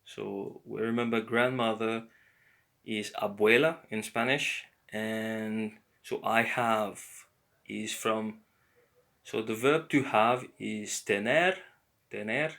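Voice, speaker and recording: A man giving a slow, patient beginner language lesson, explaining words one by one. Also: lowish voice, steady tone, creaky, a bit bright. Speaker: language teacher.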